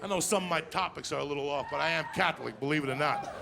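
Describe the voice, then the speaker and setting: A man doing a crude stand-up set, telling stories loudly and asking the crowd "you understand me?" again and again. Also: fairly high pitch, gravelly. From New Jersey. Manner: crude, loud, rapid storytelling, repeating "you understand me?". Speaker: stand-up comedian. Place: live comedy stage with audience. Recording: live stage mic with crowd noise.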